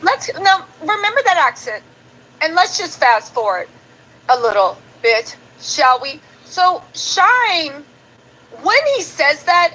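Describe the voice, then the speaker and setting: A woman's voice: sits high, very animated, slow pace, bright, forceful tone, slight background noise, poor audio. A woman hosting a live stream, chatting casually and animatedly to her viewers about news clips. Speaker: commentary host.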